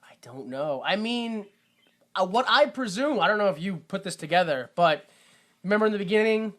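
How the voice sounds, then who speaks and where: Young male podcast co-host; animated, jokey movie recapper who swings into loud disbelief. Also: high voice, moderate pace. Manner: animated retelling with loud mock-confused outbursts. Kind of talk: casual movie-recap chat.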